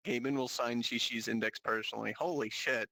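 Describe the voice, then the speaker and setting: A man's voice: medium pitch, steady tone, fairly quick, creaky, bright, forceful tone, dry recording, low-quality recording. A man hosting a casual group chat, rambling, laughing often and swearing freely. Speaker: podcast host. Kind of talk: casual group banter about VR.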